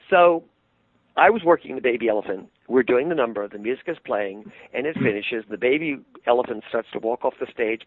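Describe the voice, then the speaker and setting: An older man, a puppeteer, telling animated anecdotes in an interview and laughing easily. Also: medium pitch, slightly rough, no echo. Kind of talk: interview storytelling. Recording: tinny phone-line sound, dry.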